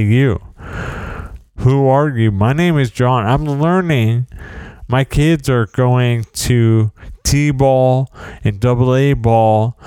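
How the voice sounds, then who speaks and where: A man's voice: mid-range voice, a little mellow, smooth, no room sound. A middle-aged man hosting a podcast, telling rambling, self-deprecating stories in a casual solo monologue. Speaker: podcast host.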